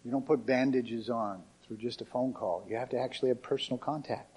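A man's voice: mid-range voice, fairly even intonation, brisk, a little mellow, husky. A male pastor preaching a sermon in a conversational, emphatic way.

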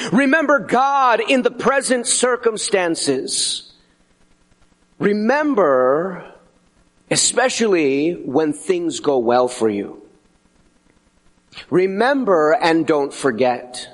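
A middle-aged man preaching a sermon as pastor, animated and conversational, slipping into acted asides. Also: high-pitched.

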